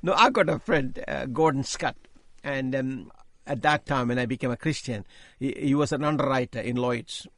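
An older man giving an emphatic sermon-style testimony, repeating key phrases, his voice rising as he gets excited. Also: mid-range voice, moderate pace, dry recording, studio quality. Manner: voice rises when speaking with excitement. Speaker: Christian speaker giving testimony.

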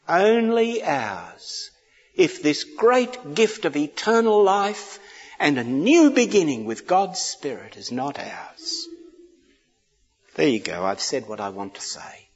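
A man delivers a sermon, mixing humorous anecdotes with emphatic, pleading repetition. His delivery is slow and lively in pitch. The sound is dull and lo-fi with a long hall reverb. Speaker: preacher.

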